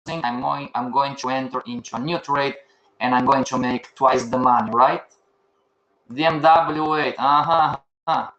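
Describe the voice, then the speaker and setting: A man's voice: mid-range voice, fairly bright tone, muffled recording. An older man teaching a live online class, firing questions at the students and answering them himself. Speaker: trading instructor. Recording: echoey room.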